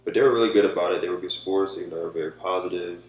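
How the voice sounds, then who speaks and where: A young man chatting calmly and supportively beside his partner. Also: sits low, rapid-fire, faint music behind. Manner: calm, supportive, brief agreements. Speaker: vlogger, partner. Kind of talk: casual chat. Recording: echoey room, a bit far from the mic.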